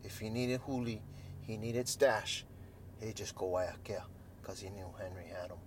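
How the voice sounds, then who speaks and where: A man's voice: fairly low pitch, moderate pace, slight background noise. A man with a Hawaiian Pidgin accent casually telling a story, acting out sounds and voices and sometimes dropping to a near whisper. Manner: animated, acts out sounds and quoted voices, drops to near-whispers.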